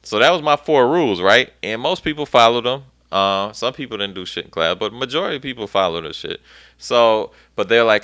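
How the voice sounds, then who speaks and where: A young man hosting a podcast, telling a profane, animated story and acting out the dialogue. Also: mid-range voice, normal speed, no echo. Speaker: podcast host. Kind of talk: casual storytelling chat.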